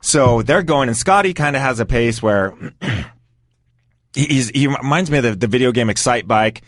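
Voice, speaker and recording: A man telling a casual story in an animated way, acting out the voices of the people involved. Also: mid-range voice, normal speed, no room sound, studio quality. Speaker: guest storyteller.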